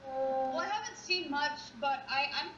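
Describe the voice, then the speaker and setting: A woman's voice: high-pitched, lively intonation, unhurried, fairly bright tone, muffled recording. A woman guesting on a casual online chat, loose and casual, swearing now and then. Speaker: podcast guest. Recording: echoey room, far from mic, faint hiss.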